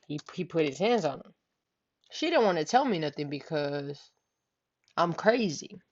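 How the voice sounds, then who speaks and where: A woman's voice: fairly high pitch, a bit bright. A young woman vlogger casually telling a story, slangy and full of "you know what I'm saying". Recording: dull lo-fi home recording.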